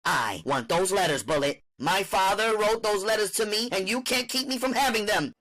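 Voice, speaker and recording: A man voicing a defiant, streetwise young woman who demands things forcefully. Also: high-pitched, lively intonation, moderate pace, voice pushed up, heavily acted.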